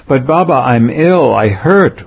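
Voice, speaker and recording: A man's voice: medium pitch, expressive, a little slow, creaky, breathy edge, voice pushed up, heavily acted. A man reading aloud, voicing an ill, anxious woman who pleads with her guru, his voice lifted a little. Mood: pleading. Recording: dull lo-fi recording.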